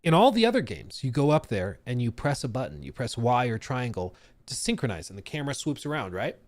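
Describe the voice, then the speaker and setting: Young male streamer, casual and jokey, very expressive delivery, dry recording. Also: medium pitch, brisk, dry recording. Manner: animated, jokey, reacting to chat. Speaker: streamer host. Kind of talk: casual live-stream chat.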